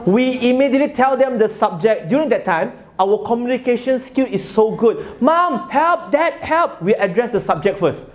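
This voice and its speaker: A man's voice: extremely high pitch, fairly quick, few pauses, a little mellow. A man giving a religious talk to a live audience, telling a story and asking listeners questions. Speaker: religious speaker.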